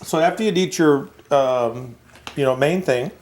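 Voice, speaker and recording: A man's voice: a little high, unhurried, darkish tone, slight background noise. A middle-aged man co-hosting a homebrewing show in casual, jokey chat. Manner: jokey, playful, reminiscing.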